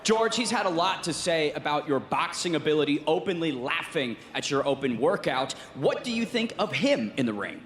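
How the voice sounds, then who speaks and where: A man's voice: on the high side, big pitch swings, normal speed, few pauses, noisy background. Upbeat male host at a press conference. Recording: echoey hall with a crowd.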